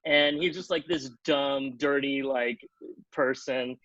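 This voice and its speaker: A TV comedy writer appearing as a podcast guest spins a lengthy, casual story at a slow pace, lively throughout. Quoted people get pitched-up voices, and "like" fills his speech constantly. The sound is lo-fi with no echo.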